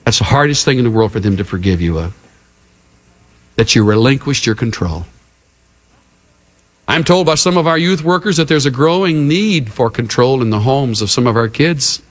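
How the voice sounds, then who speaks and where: A middle-aged male pastor preaching a sermon in an earnest way, with unhurried, emphatic pauses. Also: mid-range voice, expressive.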